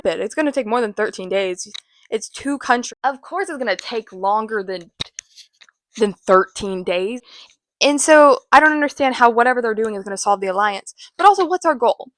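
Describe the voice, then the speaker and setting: A woman's voice: on the high side, lively intonation, normal speed, no echo. A woman hosting a casual book recap, talking in a rambling, chatty way with self-mocking asides. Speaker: host.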